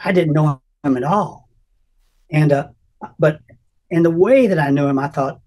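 An older man, appearing as an interview guest, shares an emotional personal testimony, earnest and halting as he often restarts sentences. His voice is on the high side with a darkish tone.

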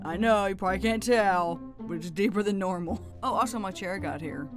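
A woman giving casual gameplay commentary, chatty and excitable with frequent laughs, her voice still groggy and lower than usual from just waking up. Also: fairly quick, music in the background. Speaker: gaming YouTuber.

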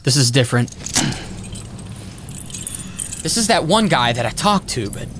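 A man giving rambling, excitable let's-play commentary, talking to his viewers as he plays. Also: medium pitch, fast talker, noisy background. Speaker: gaming YouTuber. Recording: game music behind.

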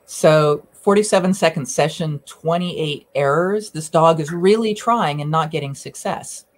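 A woman's voice: low-pitched, measured pace. A woman, a dog behavior consultant, chatting casually and enthusiastically as she comments on a training video. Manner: enthusiastic, chatty, narrates what the dog does.

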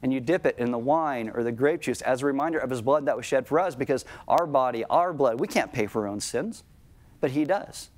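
A middle-aged man preaching a sermon to his congregation in a conversational tone, slowing right down on key lines. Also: mid-range voice. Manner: conversational preaching, slows down for emphasis. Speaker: pastor.

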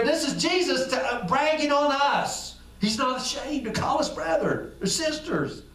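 High-voiced man preaching in an echoey room. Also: animated, moderate pace, hardly any pauses, a bit bright. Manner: conversational preaching, acts out little dialogues; repeats phrases for emphasis. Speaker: pastor. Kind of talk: sermon. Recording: echoey room, far from the mic.

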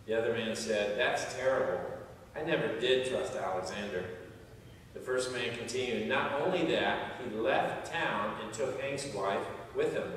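A man's voice: mid-range voice, distant mic, slight background noise. A man preaching a sermon as pastor, telling stories and jokes and acting out the voices of the people in them. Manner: storytelling with jokes, acts out quoted voices. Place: large church sanctuary. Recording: echoey church hall heard from afar.

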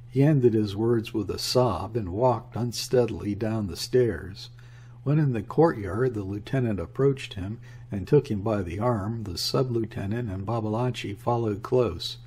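A man narrates a classic novel for an audiobook in a measured, even manner. His voice is low and husky, with a mellow, darker tone.

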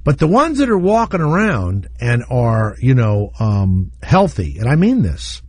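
A man hosting a radio talk show, blunt and opinionated as he rambles along. His voice is slightly husky and very lively in pitch. The recording is close and dry. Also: measured pace, dry recording.

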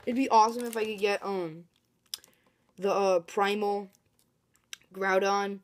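Woman, vlogger, casual commentary, excitable, chatty, mid-pitched voice. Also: measured pace. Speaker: card-opening vlogger. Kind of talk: casual commentary while opening card packs.

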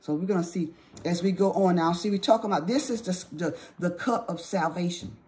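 A woman teaching the Bible in an informal sermon, often checking in with "okay?" and slowing down to read scripture aloud. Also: lowish voice, mellow. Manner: repeats "okay?" often, exhorting; reads scripture aloud in slower measured pace.

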